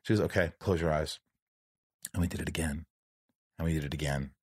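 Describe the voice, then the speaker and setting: A man's voice: a bass voice, fairly even intonation, fairly quick, darkish tone, slightly rough, dry recording, clean studio sound. A man hosting a podcast, telling a personal story in casual chat and acting out the dialogue. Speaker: podcast host.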